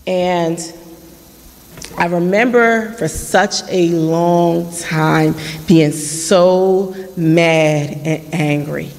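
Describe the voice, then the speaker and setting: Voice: medium pitch, fairly even intonation, drawn-out words, gravelly, a little mellow. A person in their late thirties giving an earnest personal testimony at a community forum, retelling past conversations in their own voice. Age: late 30s. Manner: earnest storytelling with reenacted dialogue. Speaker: forum speaker. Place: church hall. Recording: long church-hall reverb.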